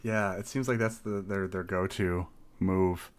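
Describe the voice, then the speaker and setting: Wry young podcast co-host. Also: male voice, low voice, steady tone, a little slow. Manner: wry, playful banter. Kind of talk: casual podcast chat.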